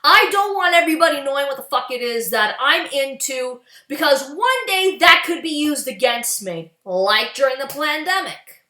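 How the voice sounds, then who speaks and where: Furious profane woman ranting, high voice. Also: lively intonation, normal speed, bright, forceful tone, reverberant. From Canada. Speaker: political vlogger. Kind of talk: angry political rant.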